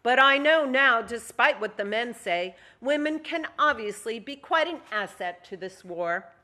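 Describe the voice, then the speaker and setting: A woman's voice: fairly high pitch, animated, unhurried, bright, forceful tone, pitched above the performer's own voice. A woman reading aloud as an earnest young American woman ferry pilot in her own story. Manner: earnest, meek.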